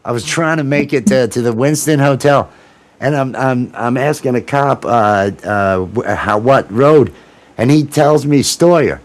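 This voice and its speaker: A man hosting a casual livestream, talking in a loose, rambling way with swearing and excitable restarts. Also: medium pitch, measured pace. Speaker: livestream host. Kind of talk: casual chat.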